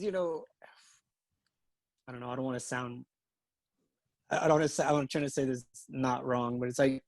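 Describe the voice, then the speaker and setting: A man who is a guest on a podcast, talking reflectively in a halting way with many restarts. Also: a little high, darkish tone, dry recording. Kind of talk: casual interview chat.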